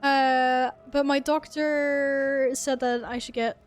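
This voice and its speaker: A woman's voice: sits high, steady tone, takes it slowly, faint music behind. A woman streamer in casual chat, swearing, laughing and reading chat messages aloud.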